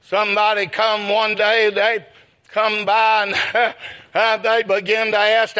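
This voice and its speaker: A man preaching a sermon, calling out to the brethren and his friends, telling folksy stories and rising into shouts. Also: high voice, completely flat delivery, slow pace. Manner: calls out brethren and my friend often, breaking into shouted peaks; folksy storytelling with chuckles.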